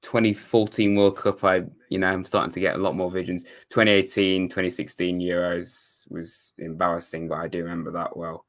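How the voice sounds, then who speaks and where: Low-pitched and fairly quick, with little pitch movement and hardly any pauses, this young English streamer chats casually through a watchalong. He reads viewer comments, rambles, self-corrects, and makes wry, sarcastic asides.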